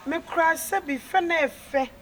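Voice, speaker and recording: High-voiced Ghanaian woman. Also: moderate pace, a bit bright. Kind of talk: comic sketch acting. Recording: faint outdoor noise.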